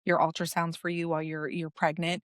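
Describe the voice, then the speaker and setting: A woman's voice: low-pitched, level tone, fairly quick, dry recording, clean studio sound. A woman in her late thirties, a podcast guest, telling her own story in conversation and acting out the dialogue as she goes. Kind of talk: personal story told in conversation.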